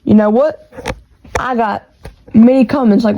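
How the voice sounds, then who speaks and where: Fast-talking Texas country woman. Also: fairly high pitch, fairly even intonation, warm tone, a little hiss or hum, low-quality recording. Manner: fast-talking, rambling with restarts. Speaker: podcast host. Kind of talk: casual solo podcast chat. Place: her bedroom. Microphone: AirPods with iPhone recording.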